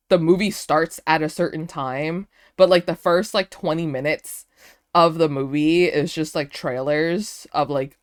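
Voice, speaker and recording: A woman's voice: fairly low pitch, no echo, clean studio sound. Chatty young woman telling a story. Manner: chatty, many fillers, bursts of laughter. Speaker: streamer. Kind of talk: casual storytelling to chat.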